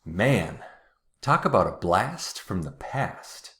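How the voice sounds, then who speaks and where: A man teaching English pronunciation, patiently repeating words slowly and clearly. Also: sits low, big pitch swings, fairly bright tone. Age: adult, watched TV as a kid in the 80s-90s. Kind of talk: slow, deliberate pronunciation lesson.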